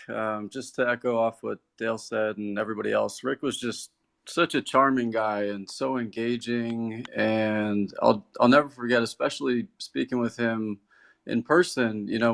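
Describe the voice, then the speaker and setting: Man talking earnest and slow, gravelly voice with some halting. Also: medium pitch, a bit bright. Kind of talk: casual conversation.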